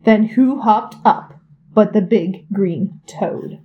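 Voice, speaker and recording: A woman reading a children's picture book aloud in an expressive, sing-song way. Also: mid-range voice, slow pace. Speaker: reader.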